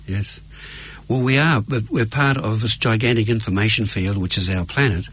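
Interviewer: low-voiced husky man, casual, brief affirmations. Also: normal speed, fairly bright tone. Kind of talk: casual conversation.

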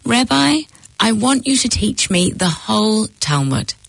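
A woman's voice: fairly high pitch, sing-song, a little slow, vocal fry, no room sound, pitched above the performer's own voice, exaggerated voice, low-quality recording. A woman voicing a teasing old-world rabbi. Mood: instructive. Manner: didactic, posing riddles. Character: patient, teasing male rabbi teacher.

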